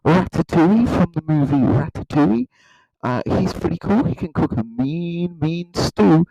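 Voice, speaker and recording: Gravelly, rambling man. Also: a little high, unhurried, no echo, poor audio. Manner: mock-earnest, rambling, deadpan. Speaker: comedy YouTuber. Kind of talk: satirical countdown monologue.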